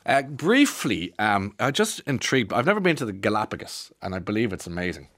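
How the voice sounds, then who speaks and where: A man's voice: lowish voice, big pitch swings, fairly quick, a bit bright, dry recording, clean studio sound. An Irish man presenting a radio show, chatting casually in a rambling way with lots of restarts and asides. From Ireland. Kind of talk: casual monologue.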